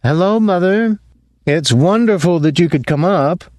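A man's voice: high voice, animated, unhurried, darkish tone, no echo, voice pushed up. A man reading an audiobook, voicing a polite young man who talks in an apologetic way.

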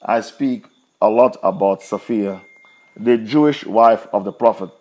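A man's voice: lowish voice, unhurried, mellow. A man teaching a Quran commentary lesson, retelling a story with emphatic repetition.

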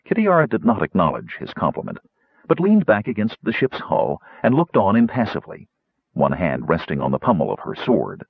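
A man narrating an audiobook in a measured, expressive storytelling manner. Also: deep voice, breathy edge, dry recording. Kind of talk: scripted narration. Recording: dull, dry recording.

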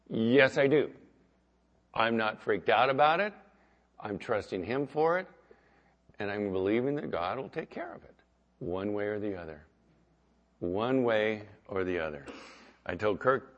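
Earnest pastor preaching, dull lo-fi sound. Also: male voice, medium pitch. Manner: conversational, swings between loud emphasis and quiet asides. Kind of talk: sermon.

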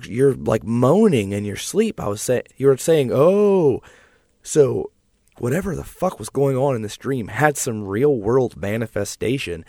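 A man in casual conversation, telling a strange dream in a rambling, animated way with many fillers and restarts. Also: on the low side, vocal fry, dry recording, studio quality.

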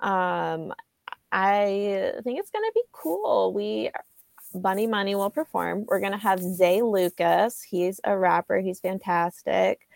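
Slow, gravelly-voiced woman DJ guest. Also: medium pitch, expressive, no echo. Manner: drawn-out, hyped promoting of events. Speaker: guest DJ and emcee. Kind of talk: casual chat.

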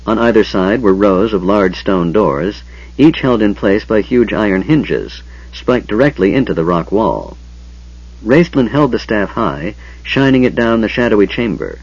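A husky, low-pitched male voice narrates a fantasy audiobook, with an animated rise and fall in his pitch. The recording is dull and lo-fi, with the top end muffled. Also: unhurried, dry recording. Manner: expressive, dramatic storytelling.

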